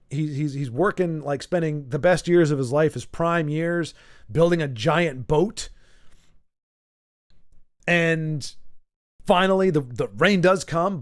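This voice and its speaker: A man with a high voice chats as he plays a game, rambling and animated, with frequent stammered restarts. Game music sits faintly behind him. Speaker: streamer. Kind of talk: casual chat while gaming.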